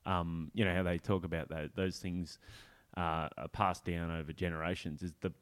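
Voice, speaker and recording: A man with an Australian accent hosting a podcast, talking in a relaxed way with many fillers. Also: sits low, no echo. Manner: relaxed, drawn-out, hesitant with fillers. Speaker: podcast host. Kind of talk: casual podcast chat.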